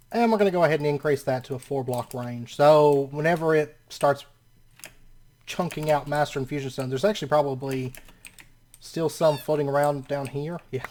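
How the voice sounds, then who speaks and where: Let's play host talking through the game, middle-pitched voice, laughs a lot, goes "what?" and rambles on. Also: darkish tone. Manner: laughs often, exclaims in disbelief; rambling, self-correcting narration of actions. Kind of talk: casual gameplay commentary.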